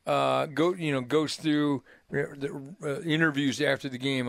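A man's voice: on the high side, steady tone, a little slow, gravelly, fairly bright tone, no room sound. An older man hosting a sports radio show, telling long rambling anecdotes with many restarts and "right?" tags. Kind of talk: casual radio storytelling. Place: radio studio.

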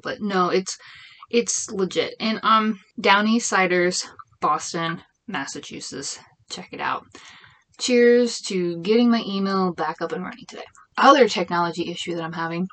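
Chatty, rambling woman venting. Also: on the low side. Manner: rambling, chatty, frequent restarts and "like"; exasperated venting. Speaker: small business owner. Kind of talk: casual chat.

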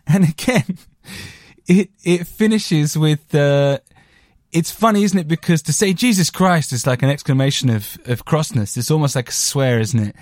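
Man, casual rambling chat, slightly high pitch, dry close mic. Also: expressive, normal speed, a little mellow, no room sound. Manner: chatty, rambling, jokey with crude asides. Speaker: podcast host reviewing a record.

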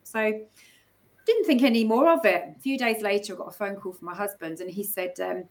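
Woman, casual storyteller, animated and laughing. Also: medium pitch, brisk. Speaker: guest speaker.

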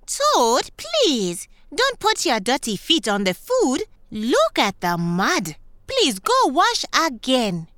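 A woman's voice: very high-pitched, very animated, drawn-out words, few pauses, fairly bright tone, dry recording, studio quality, voice pushed up, heavily acted. A woman voicing a fussy, insistent male grasshopper in a storybook, pleading in a fretful way.

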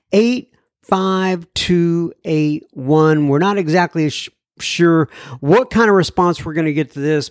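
A man's voice: on the high side, no echo, clean studio sound. A man hosting a recovery podcast, casually reading listener mail aloud with rambling asides, fillers and little self-deprecating jokes. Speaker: podcast host.

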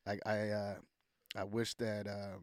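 A young man, a rapper guest on a podcast, telling stories in a loose, animated way, full of fillers and acted-out quotes. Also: on the low side, a little slow, dry recording, studio quality. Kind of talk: casual podcast storytelling.

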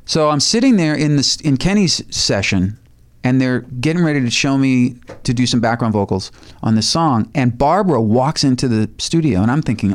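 A man guest telling a story in a casual chat, animated, swearing now and then and laughing between bits. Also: mid-range voice, moderate pace. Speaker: guest musician.

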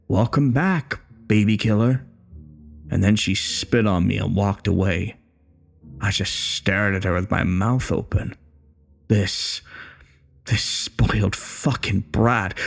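A bitter old war veteran, acted by a man, in a horror story, with a low, gravelly voice. He talks coarse and profane, taunting and menacing by turns.

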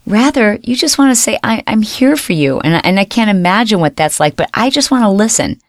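A woman's voice: medium pitch, lively intonation, a little fast, no room sound, clean studio sound. A woman hosting a self-help podcast, coaching listeners and repeating example phrases aloud. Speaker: podcast host.

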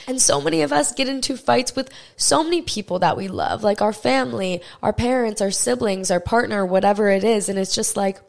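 A woman's voice: mid-range voice, lively intonation, moderate pace, creaky, hardly any pauses. Young woman, podcast host, casual self-help talk, blunt, swears freely, direct coaching. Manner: frank and profane, coaching the listener directly.

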